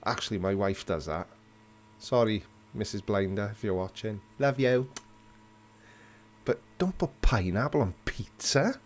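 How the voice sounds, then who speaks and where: Slow, low-voiced man chatting. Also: lively intonation. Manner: playful, reads and answers chat comments, mock disgust. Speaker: livestream host. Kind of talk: casual live chat with viewers.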